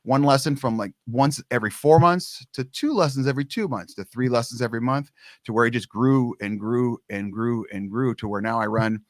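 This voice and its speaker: Middle-aged male guest, lively storyteller who mimics the people in his stories, dry close sound. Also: mid-range voice, fairly quick, no echo. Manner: lively storyteller who acts out quoted dialogue. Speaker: guest, long snapping coach. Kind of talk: casual storytelling interview.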